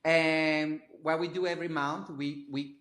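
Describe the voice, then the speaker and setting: A man's voice: a little high, measured pace, reverberant. Effusive Latin American-accented man. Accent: Latin American Spanish. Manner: energetic, effusive, non-native phrasing. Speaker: performance artist, interview guest. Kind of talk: casual interview chat.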